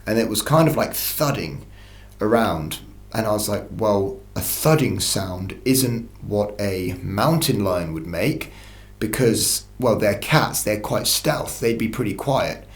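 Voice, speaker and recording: A man's voice: lowish voice, animated, takes it slowly, echoey room. A man telling a first-person story in a casual, rambling way, full of restarts and swearing. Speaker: channel host telling an encounter story.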